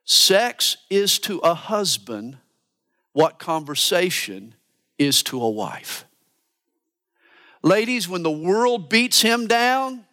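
A man preaching a sermon as a pastor, animated and earnest, dropping to hushed asides for emphasis. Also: sits high. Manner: animated preaching, mimics voices for quotes.

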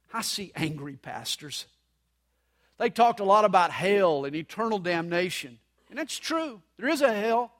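A man preaching a sermon at a live church service, dramatic, moving between loud emphasis and soft, hushed lines. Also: sits high. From United States. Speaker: pastor.

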